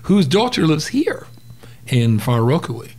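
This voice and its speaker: A man's voice: fairly high pitch, big pitch swings, a little slow, a little mellow. A man telling a story as a guest on a casual interview podcast, acting out sounds and voices as he goes.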